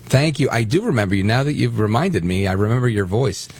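Guest-hosting a political talk radio program, this Brooklyn, New York native talks fast and animatedly, with emphatic, conversational delivery while fielding callers. His pitch leans low, the tone is darkish, and there's a breathy edge to it.

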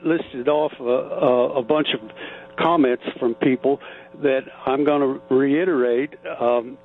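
A man calling in to a radio show, talking haltingly with many fillers and repeats. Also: mid-range voice, fairly even intonation, soft background music. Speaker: caller. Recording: tinny phone line with hum.

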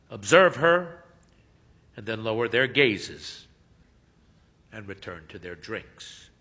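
A man narrating a story in a measured, expressive storytelling manner. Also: medium pitch, long reverb tail. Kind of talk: audiobook-style story narration.

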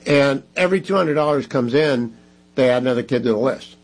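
A man hosting a talk radio show, making brisk, emphatic appeals to listeners with chatty asides. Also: medium pitch, low-quality recording. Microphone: studio microphone.

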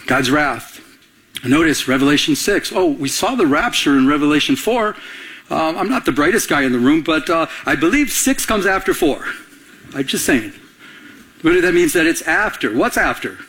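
A man's voice: a little high, lively intonation, moderate pace, a bit bright. A middle-aged male pastor preaching a conversational sermon, firing off rhetorical questions and calling on the congregation to answer.

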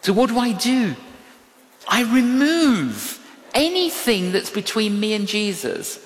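An older preacher delivers a sermon in a slow, measured way, with a lively, swooping pitch. They tell a story through repeated phrases and quoted dialogue. The voice echoes through a big hall with a long, hanging reverb.

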